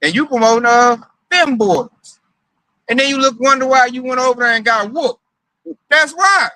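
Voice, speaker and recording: A man's voice: extremely high pitch, moderate pace, pushed and bright, no echo, rough recording. A man preaching in a casual, emphatic and profane way, mocking his targets as he talks.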